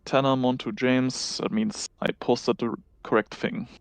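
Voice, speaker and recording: A man organizing a multiplayer strategy game over a voice call, making brisk, dry remarks. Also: mid-range voice, fairly even intonation, no echo. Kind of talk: casual group chat over voice call.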